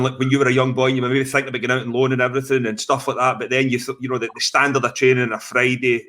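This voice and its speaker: A man's voice: medium pitch, fairly bright tone. A man with a Scottish accent co-hosting a podcast, stumbling and repeating words as he frames his questions. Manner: stammering, repeats words while framing questions. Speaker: podcast co-host. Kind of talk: casual interview chat.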